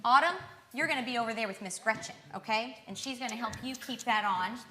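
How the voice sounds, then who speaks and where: A woman's voice: a little high, fairly quick, roomy sound. A young woman giving a live violin lesson to children, coaxing and encouraging them with questions. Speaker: violin teacher.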